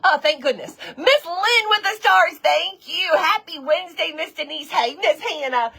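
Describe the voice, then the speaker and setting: A woman's voice: very high voice, lively intonation, moderate pace, vocal fry, pushed and bright. A woman hosting a live craft stream, chatting casually and greeting viewers one by one by name. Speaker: livestream host of a craft show. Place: home woodshop.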